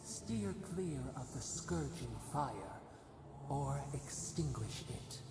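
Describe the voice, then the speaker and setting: A woman's voice: a bass voice, sing-song, slow, creaky, heavily acted. A woman voicing a haunting collective spirit that speaks as "we", in game dialogue with music behind. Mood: ominous. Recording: roomy game audio with music.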